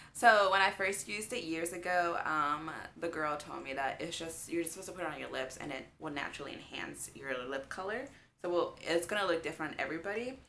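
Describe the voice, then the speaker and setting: A young woman with a low voice chats through a makeup tutorial in a gushing, filler-heavy way. She is recorded on a camera in front of her, with a faint hiss in the background. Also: fairly quick, fairly bright tone. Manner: chatty and gushing, with many fillers like "um" and "like". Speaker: beauty vlogger. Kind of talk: casual makeup tutorial chat.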